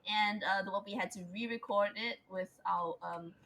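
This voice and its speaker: A woman's voice: medium pitch, fairly even intonation, normal speed, a bit bright, a little hiss or hum, poor audio. A woman co-hosting a casual podcast, teasing her partner and chatting with fillers. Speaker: podcast co-host.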